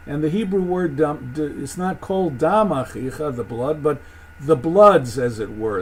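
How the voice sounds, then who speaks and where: A man giving a thoughtful lecture on Jewish texts, halting and restarting as he explains. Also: on the high side, a little hiss or hum, poor audio. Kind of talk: recorded lecture.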